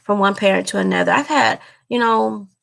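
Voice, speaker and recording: A woman vlogger speaks straight to her viewers in a casual chat, her medium-pitched voice brisk, fairly bright and touched with vocal fry. She comes across as earnest and emotional, repeating herself as she goes.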